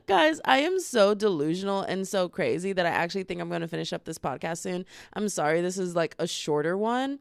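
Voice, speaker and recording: A woman's voice: fairly low pitch, animated, fairly quick, creaky, hardly any pauses, smooth, dry recording, studio quality. A woman in her twenties hosting her own podcast at home, talking casually and rambling from topic to topic into a small camera. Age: 20s. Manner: rambling, chatty, jumps between topics. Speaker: podcast host. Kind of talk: casual solo podcast chat. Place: at home, indoors. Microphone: small handheld camera.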